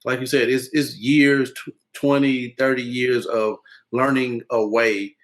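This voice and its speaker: Calm man giving measured advice. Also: medium pitch, rough recording. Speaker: podcast guest, husband. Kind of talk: casual chat.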